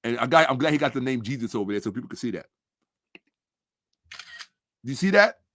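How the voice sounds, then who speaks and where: A man's voice: mid-range voice, big pitch swings, brisk, pushed and bright, no room sound, clean studio sound. A man in a combative commentary monologue, sarcastic and repeating his points for emphasis, dropping to a mutter while he checks his screen.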